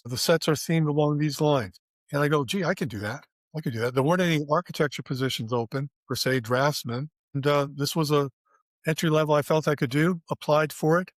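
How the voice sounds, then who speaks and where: Older man, storytelling interview, acts out quoted lines, slightly high voice, dry close sound. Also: dry recording. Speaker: former theme park designer telling his career story.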